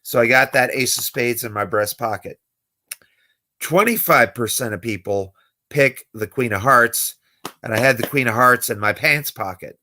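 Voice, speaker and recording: A young adult man speaks at medium pitch and a moderate pace, his voice pushed and bright. He's a magician hosting a late-night livestream, chatting casually and acting out people as he tells stories.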